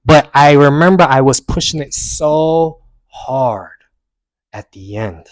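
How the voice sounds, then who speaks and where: A young man earnestly recounting a personal story to camera, rising with emphasis and dropping quiet when he reflects. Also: a little high, expressive, slow, no echo. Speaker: self-help vlogger.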